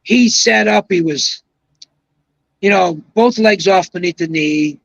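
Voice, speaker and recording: Speaking slowly in a high, fairly bright voice with vocal fry, the retired pro bowler, a man in his seventies, meanders through lengthy stories with emphatic asides as a podcast guest. The recording is dry and rough.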